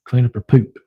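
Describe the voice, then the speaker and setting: A man's voice: a little high, slightly rough, dull audio. A man livestreaming, casually telling a rambling story, chuckling often and mimicking his pets.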